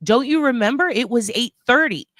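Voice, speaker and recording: A woman acting out a smooth-talking, manipulative stepfather who coaxes and reassures in a pushy way. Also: on the high side, lively intonation, brisk, crowd noise, close to an everyday voice. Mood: scheming.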